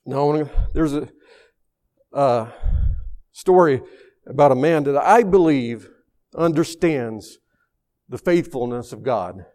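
A man preaching a sermon, telling a story, who moves from raised, emphatic passages to hushed, soft ones. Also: mid-range voice, lively intonation, takes it slowly, pauses often.

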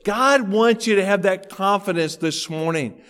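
A man's voice: high voice, measured pace, fairly bright tone, clear, resonant tone, long reverb tail. A male pastor preaching a sermon in a church auditorium, talking in a conversational way and telling anecdotes.

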